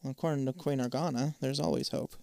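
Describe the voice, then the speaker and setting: A man's voice: mid-range voice, fairly even intonation, quick pace, vocal fry, darkish tone, dry recording. Man reading an adventure gamebook aloud. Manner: casual, swears offhand. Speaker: gamebook reader. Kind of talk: casual reading of a choose-your-own-adventure book.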